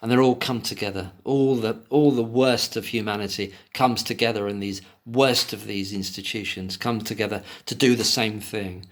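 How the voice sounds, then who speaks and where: Angry, swearing man with a low voice. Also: fairly even intonation, normal speed, hardly any pauses. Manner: emotional, indignant, swears often; reads passages aloud, then breaks off to rant. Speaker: commentator reading and discussing an article. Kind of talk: solo commentary, reading aloud with angry asides.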